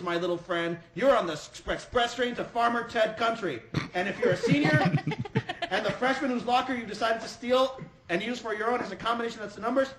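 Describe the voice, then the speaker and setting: An actor playing an excitable male conspiracy radio DJ hosting a comic podcast, ranting mock-seriously. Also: very high-pitched, reverberant, a little hiss or hum, low-quality recording. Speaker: radio DJ host.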